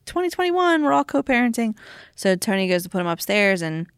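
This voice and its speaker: A woman's voice: medium pitch, fairly quick, clean tone, dry recording, clean studio sound. A woman in her thirties in casual chat as a podcast host, telling stories animatedly and acting out quotes. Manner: animated storytelling, acts out quotes loudly.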